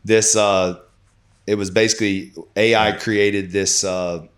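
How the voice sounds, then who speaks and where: A man hosting a casual podcast chat, relaxed and loose, with lots of "like". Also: lowish voice, slow, smooth. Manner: relaxed, filler-heavy, says "like" often. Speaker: podcast host.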